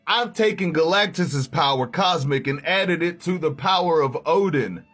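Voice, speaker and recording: A man voicing a deep, weary male god-king who talks in laid-back slang and delivers calm threats. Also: moderate pace, faint music behind. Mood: warning.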